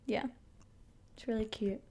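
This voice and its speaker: A woman's voice: fairly high pitch, fairly even intonation, unhurried, warm tone, breathy edge. A woman from Australia, co-hosting a podcast and chatting casually, often laughing and correcting herself. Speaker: podcast co-host. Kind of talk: casual chat.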